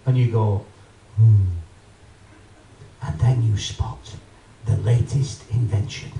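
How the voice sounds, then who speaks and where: A man doing an animated stand-up routine, talking straight to a live audience. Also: on the low side, unhurried, creaky, slight background noise. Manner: animated, addresses the audience, acts out voices. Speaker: stand-up comedian. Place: live comedy venue with audience. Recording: roomy live venue, mic from a distance.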